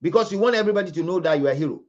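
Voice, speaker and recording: A man's voice: high voice, expressive, rapid-fire, highs cut off. A Ghanaian man giving impassioned live commentary, scolding and repeating phrases for emphasis. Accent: Ghanaian English. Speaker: livestream commentator.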